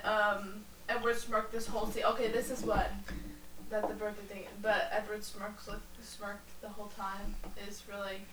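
A woman's voice: medium pitch, level tone, moderate pace, fairly bright tone, recorded from a distance, slight background noise. A woman co-hosting a casual podcast who jokes bluntly and crudely. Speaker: podcast co-host. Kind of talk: casual chat. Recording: roomy sound, set back from the mic.

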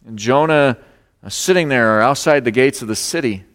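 A male pastor preaching a sermon, expressive, acting out the lines of the story. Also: medium pitch, normal speed, big-room sound. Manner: expressive preaching, acts out voices of God and Jonah.

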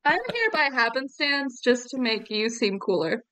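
A woman co-hosting a podcast in casual chat, with teasing, deadpan banter. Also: on the high side, normal speed, dry recording, rough recording. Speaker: podcast co-host.

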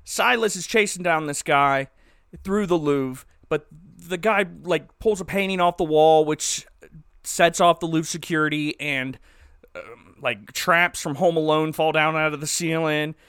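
Man, podcast co-host, bright and forceful tone, fairly high voice, jokey animated storytelling, dry close sound. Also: unhurried, smooth, no echo. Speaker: podcast co-host recapping a movie. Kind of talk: casual comedic podcast chat.

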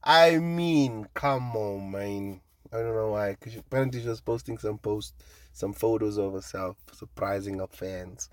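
Rambling podcast host. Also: male voice, on the low side, steady tone, moderate pace, a little mellow, no echo. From South Africa. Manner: loose and laughing, swears freely, lots of fillers. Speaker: podcast host and stand-up comedian. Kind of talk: casual rambling monologue.

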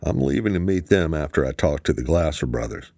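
A man voicing a composed, cold male spy chief in an audiobook, speaking calmly and formally. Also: rumbling low, brisk, no room sound, studio quality, exaggerated voice. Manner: calm, formal.

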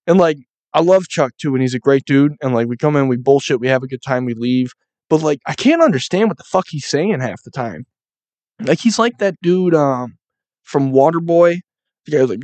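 A man's voice: fairly high pitch, moderate pace, a little mellow, no room sound. A young man who works as a construction painter, ranting casually and rambling, with heavy swearing and lots of "like" fillers. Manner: profane, rambling, many "like" fillers.

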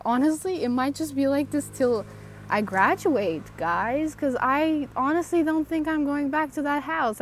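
A woman podcast host walks outside at night talking into her phone, rambling in a chatty, sarcastic and self-deprecating way. Her voice is fairly high, with slight background noise.

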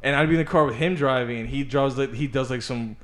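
A man's voice: medium pitch, fast talker. A young man co-hosting a podcast, chatting casually and swearing often. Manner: relaxed, swears, laughs along. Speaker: podcast co-host. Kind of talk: casual chat.

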